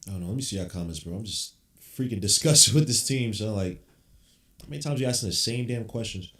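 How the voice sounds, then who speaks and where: A man's voice: on the low side, quick pace, a bit bright. A man hosting a basketball podcast, reacting live to a game with blunt, frustrated, cursing rants. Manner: blunt, frustrated fan ranting, swears casually. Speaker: podcast host. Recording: roomy echo.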